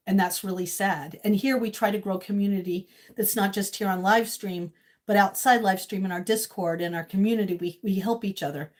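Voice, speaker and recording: A woman in her fifties from Maine, hosting a casual livestream from her home kitchen, gushing and emotional as she talks with viewers. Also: medium pitch. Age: 50s. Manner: gushing and emotional, swings between tearful and loud squealing laughter. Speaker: livestream host.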